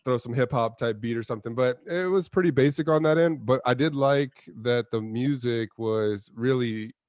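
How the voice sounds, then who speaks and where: A man's voice: mid-range voice, normal speed, a little mellow, clean tone, no room sound. A man co-hosting a casual movie review chat, rambling in a laid-back way with lots of fillers. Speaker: co-host of a movie review show.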